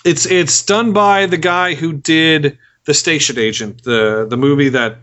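A man's voice: fairly high pitch, measured pace, fairly bright tone, highs cut off. A man hosting a podcast in casual chat, rambling, repeating his words, and swearing for laughs. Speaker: podcast host.

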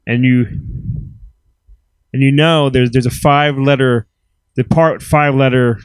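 A man's voice: mid-range voice, a little slow, clean tone, no echo, rough recording. A man in his forties, co-hosting a podcast, chatting animatedly about films. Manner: chatty, animated, swears casually. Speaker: podcast co-host. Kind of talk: casual chat about films.

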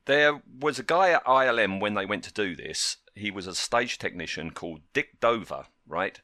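An English man with a slightly low, bright voice that rises and falls a lot as he chats. He laughs easily and keeps drifting into tangents. The sound is close and dry. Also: animated, normal speed, no room sound. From England. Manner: chatty, laughs often, wanders off on tangents. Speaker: podcast host. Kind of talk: casual chat.

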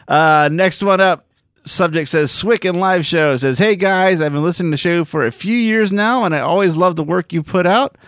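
A man's voice: high voice, normal speed, a bit bright, clear, resonant tone, no echo, studio quality. A man co-hosting a casual podcast, reading listener emails aloud and laughing often.

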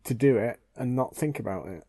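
A relaxed man talks on a fan podcast with a mellow, dark tone at a middle pitch. He is agreeable and thoughtful and agrees often with his partner. The recording is dry and close. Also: brisk, creaky, breathy edge, dry recording. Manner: agreeable, thoughtful, many yeahs. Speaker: podcast co-host. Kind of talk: casual fan discussion.

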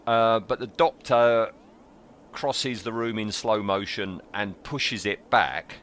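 A middle-aged man, recapping a story for a casual fan discussion, steady with dry jokes. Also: fairly low pitch, slow pace, slight background noise. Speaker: podcast co-host.

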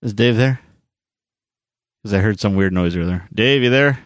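A man's voice: on the low side, moderate pace, slight background noise. A man co-hosting a podcast in casual chat, joking and laughing. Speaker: podcast co-host.

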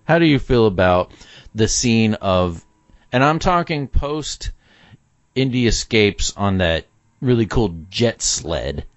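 A man co-hosting a casual podcast chat about a film, opinionated and animated, laughing often. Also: on the low side, slow pace, no room sound. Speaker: podcast co-host. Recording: dull dry lo-fi sound.

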